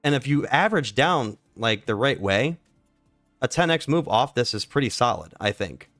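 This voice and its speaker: A man's voice: mid-range voice, sing-song, normal speed, a bit bright, no echo, faint music behind. A man hosting a casual livestream, talking loosely and profanely with lots of "dude" and "like.". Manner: loose, slangy and profane, says "dude" and "like" often. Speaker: livestream stock market host. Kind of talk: casual live trading chat.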